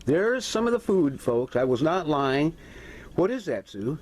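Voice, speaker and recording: A man hosting a casual home video, chatting to viewers as folks and talking softly to his cat, filmed on a camera held by his wife. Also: on the high side, big pitch swings, measured pace, a little hiss or hum. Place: at home, partly in sunlight.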